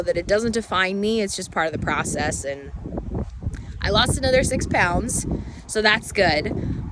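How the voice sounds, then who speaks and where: A woman speaking hoarsely from a cold, talking candidly and haltingly in an unedited personal vlog. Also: mid-range voice, background noise. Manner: rambling, halting, candid and reflective. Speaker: vlogger.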